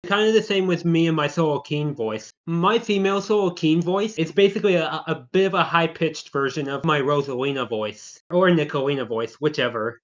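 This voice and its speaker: A woman hosting a podcast, chatting casually and laughing often. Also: low voice. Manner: giggly, unhurried. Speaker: podcast host. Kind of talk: casual chat. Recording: slightly dull lo-fi audio.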